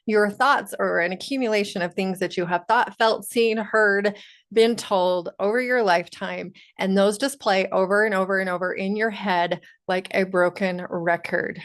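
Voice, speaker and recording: An earnest woman coach talks directly to her audience in an encouraging, motivational way. Her voice sits at a medium pitch, and she speaks plainly and warmly about changing how you think. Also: fairly even intonation, moderate pace. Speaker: empowerment coach. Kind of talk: motivational video monologue.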